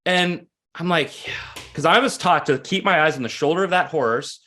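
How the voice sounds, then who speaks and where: A man in his forties, a guest coach, talking earnestly in an interview, animated in his stories and often restarting phrases. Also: on the high side, fairly quick. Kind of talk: conversational interview storytelling.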